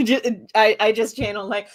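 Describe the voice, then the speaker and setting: A woman chatting casually on a livestream, easygoing and quick to laugh. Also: on the high side.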